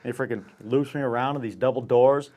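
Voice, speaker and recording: A man's voice: medium pitch, quick pace. A young man telling a rowdy anecdote in casual chat, swearing constantly and acting out other people's lines. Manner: profane, animated, acts out voices in anecdotes. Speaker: podcast host. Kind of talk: casual storytelling.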